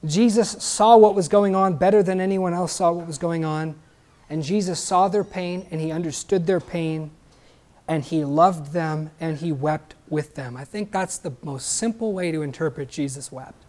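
A man's voice: on the high side, normal speed, darkish tone. A man preaching a sermon emphatically, asking the congregation questions and adding joking asides.

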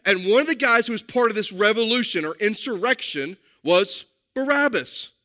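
A man's voice: high voice, animated, moderate pace, sharp tone. A man preaching a sermon, speaking emphatically and addressing the congregation directly with questions. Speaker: pastor.

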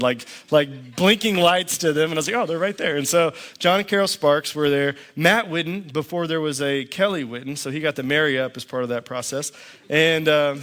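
A man's voice: fairly high pitch, a bit bright. A middle-aged man, a pastor, preaching a sermon with dry, understated humor and storytelling. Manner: dry storytelling with quoted back-and-forth.

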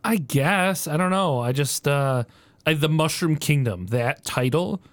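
A man co-hosting a casual podcast chat, speaking haltingly and laughing through his words. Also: a little high, lively intonation, no echo. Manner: halting, laughs while talking. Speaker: podcast co-host.

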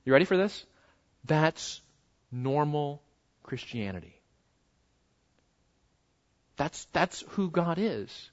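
A man's voice: a little high, very animated, slow pace, pauses often, muffled recording. A man preaching an expository sermon as pastor, emphatic, swinging from raised stresses down to near murmurs and asking his listeners rhetorical questions.

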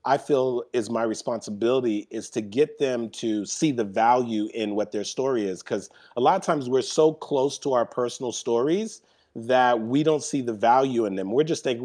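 A man's voice: medium pitch, normal speed. A man, a guest speaker, telling a personal story on a podcast interview and acting out the voices in it. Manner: animated storyteller, acts out quotes.

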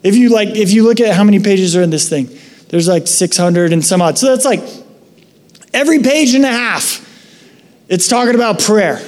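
A man preaching a sermon as a pastor, conversational and animated as he tells a story. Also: high-pitched, normal speed, in a large hall. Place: church sanctuary.

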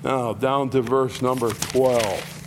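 A man's voice: medium pitch, steady tone, takes it slowly, background noise. A man teaching through a Bible passage verse by verse in a folksy, conversational way, reading scripture aloud and then explaining it.

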